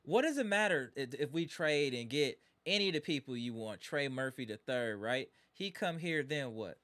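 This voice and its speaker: A man's voice: medium pitch, animated, normal speed, fairly bright tone. A man hosting a live sports stream, ranting in exasperation as a disappointed fan and repeating his points. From Wisconsin.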